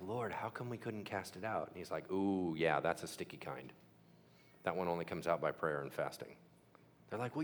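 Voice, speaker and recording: A man preaching a sermon to a congregation, joking and acting out quoted voices. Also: lowish voice. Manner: animated, jokey, acts out quoted voices. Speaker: pastor.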